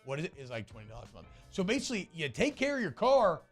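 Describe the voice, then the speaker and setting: A sports radio co-host talks fast and loose, selling an ad like he's chatting with a buddy. His voice sits a little high. Faint music plays under the studio talk. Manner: energetic, salesy, casual slang. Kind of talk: casual sports talk and live ad reads.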